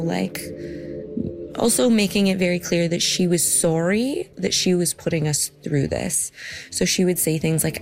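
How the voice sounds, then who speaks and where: Young woman telling what happened, kinda low voice, lots of "like", music playing under it. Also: a little mellow. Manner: earnest, halting, with many "like" fillers. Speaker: interviewee. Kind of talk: recounting a personal story.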